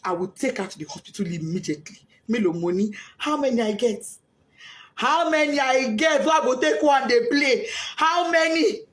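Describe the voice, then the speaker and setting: A woman's voice: high voice, expressive, moderate pace. A Nigerian woman, a grieving mother, giving a tearful, distraught testimony, pleading and repeating herself in rising outbursts. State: crying, distraught. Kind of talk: emotional testimony.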